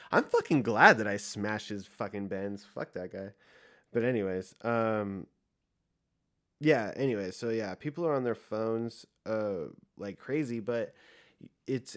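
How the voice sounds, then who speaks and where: A young man hosting a podcast, telling a rambling, profane story in a casual rant full of fillers. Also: fairly low pitch. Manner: profane, rambling, fast, heavy use of "like". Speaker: podcast host.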